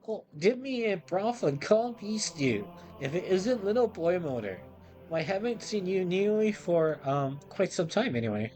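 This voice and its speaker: A man's voice: high-pitched, very animated, unhurried, darkish tone, faint music behind, pitched above the performer's own voice. Man doing a rambling folksy old servant. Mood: teasing. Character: old chatty male keep servant.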